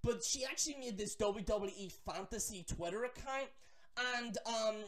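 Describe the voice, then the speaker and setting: A man ranting to the camera about wrestling fans, animated and profane, with mocking asides. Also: sits high, normal speed. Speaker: wrestling vlogger. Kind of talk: ranting commentary.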